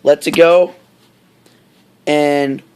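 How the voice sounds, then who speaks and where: A man casually retells a story at a slow, unhurried pace, wandering into fillers and side comments as he goes. His voice sits slightly high for a man. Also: steady tone, darkish tone, smooth. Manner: rambling, many fillers and asides.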